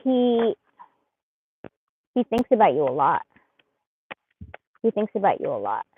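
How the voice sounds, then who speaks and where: A woman giving a live tarot reading, murmuring softly as she shuffles and then chatting in animated bursts with lots of laughter. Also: medium pitch, unhurried, slight background noise. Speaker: tarot reader. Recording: muffled phone-like sound.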